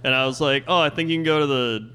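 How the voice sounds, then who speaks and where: A man's voice: medium pitch, fast talker, sharp tone, clean tone. A man co-hosting a live podcast, telling rambling, laughing anecdotes and acting out the people in them. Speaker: podcast co-host. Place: live venue stage.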